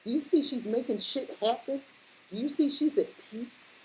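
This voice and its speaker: A woman with a high-pitched voice reads tarot cards directly to the viewer at normal speed, casual and blunt, using slang and repeating points for emphasis. The recording is rough, with slight background noise.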